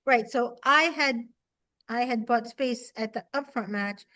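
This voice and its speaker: Woman dog handler, tentative and rambling, somewhat high voice. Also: unhurried, bright, forceful tone. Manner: hesitant, trailing off with fillers. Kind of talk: casual chat with a coach.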